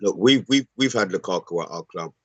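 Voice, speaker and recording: A man's voice: deep voice, animated, brisk, breathy edge, no echo, highs cut off. A man co-hosting a live football stream, bantering and teasing his co-host. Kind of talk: casual live stream chat.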